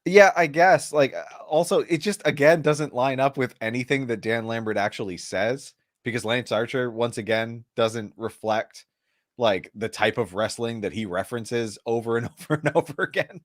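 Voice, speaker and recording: A man's voice: medium pitch, moderate pace, no echo, clean studio sound. A man co-hosting a wrestling podcast, laid-back and agreeable, laughing often. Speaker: podcast co-host. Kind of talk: casual wrestling chat.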